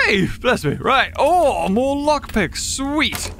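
A man playing a horror game and commenting on it, excitable, often gasping and laughing and reading in-game notes aloud. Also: very high voice, drawn-out words, vocal fry, slight background noise. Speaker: gaming YouTuber. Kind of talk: let's play commentary.

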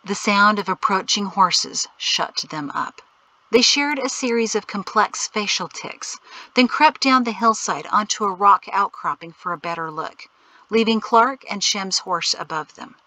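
Brief: woman audiobook narrator, steady and clear, bright crisp tone, dry close sound. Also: mid-range voice, no room sound, poor audio.

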